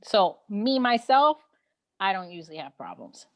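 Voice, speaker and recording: A woman's voice: medium pitch, moderate pace. Frank laughing woman with a Brooklyn accent. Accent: Brooklyn, New York. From New York City. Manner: frank, animated, laughs often, many fillers. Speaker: guest. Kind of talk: casual conversation on a live online session.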